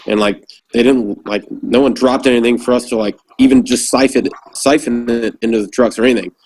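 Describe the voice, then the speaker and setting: A man's voice: medium pitch, a little fast, rough recording. A man who served as a Marine corporal, telling war stories in a casual, profane chat. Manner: profane, animated storyteller. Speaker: former Marine corporal, guest.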